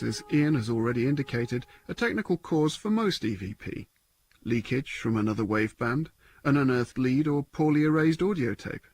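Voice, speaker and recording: Measured male radio documentary narrator. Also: medium pitch. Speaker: documentary presenter.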